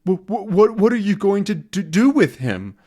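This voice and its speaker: Jittery bumbling detective guy, stutters nonstop, squeaky high, a man doing the voice. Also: sing-song, normal speed, mellow. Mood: scared. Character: frightened bumbling male detective, stammering.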